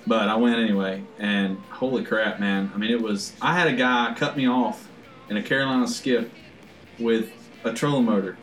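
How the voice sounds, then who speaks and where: A man chatting casually on a fishing podcast, telling animated stories and swearing freely. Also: lowish voice, normal speed, echoey room, recorded from a distance, soft background music. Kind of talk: casual chat.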